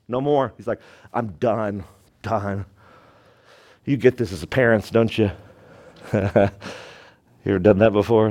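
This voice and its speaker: A man, a pastor preaching a sermon, emphatic, moving between loud and hushed delivery and asking his congregation rhetorical questions. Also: fairly high pitch.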